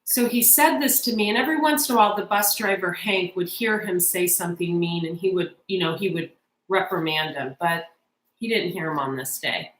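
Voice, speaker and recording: A woman's voice: lowish voice, brisk, echoey room, poor audio. A woman in her forties giving a casual tarot reading, chatty and emotional as she tells a personal story straight to her viewers. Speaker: tarot reader.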